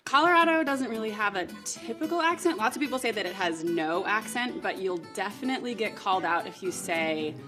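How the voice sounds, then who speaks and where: A woman's voice: mid-range voice, animated, fairly quick, hardly any pauses. Casual woman describing speech, guitar music. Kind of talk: interview clip on regional accents.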